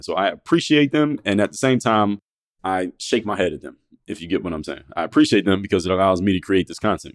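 A man rants quickly through a podcast monologue. He is blunt and profane, and he keeps firing rhetorical questions at his listeners. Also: deep voice, darkish tone. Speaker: podcast host.

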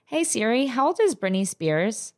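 A woman's voice: fairly high pitch, sing-song, moderate pace. A young woman with a New Jersey accent, co-hosting a casual podcast chat, laughing and swearing freely. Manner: laughing, swearing, talks over her co-host. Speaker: podcast co-host.

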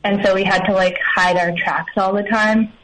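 A woman's voice: mid-range voice, steady tone, moderate pace, a bit bright, poor audio. A woman calling in to a radio show, telling a story hesitantly with lots of fillers. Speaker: caller. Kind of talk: casual phone chat.

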